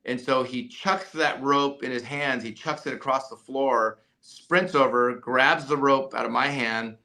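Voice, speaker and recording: Bright-voiced man telling an animated story. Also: mid-range voice, measured pace. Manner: animated storyteller, many restarts and "right?" tags. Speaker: jump rope company CEO and coach. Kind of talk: storytelling in a podcast interview.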